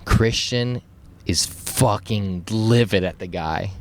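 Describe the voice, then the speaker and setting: A man co-hosting a podcast, telling a story in casual chat, animated and laughing often as he acts out quotes. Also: on the low side, takes it slowly. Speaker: podcast co-host.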